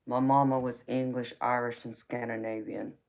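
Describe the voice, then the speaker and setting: A woman's voice: rumbling low, flat delivery, moderate pace, a little mellow. A middle-aged woman with a Southern US accent, hosting a casual live chat and calling viewers "baby" affectionately. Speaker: tarot reader and livestream host.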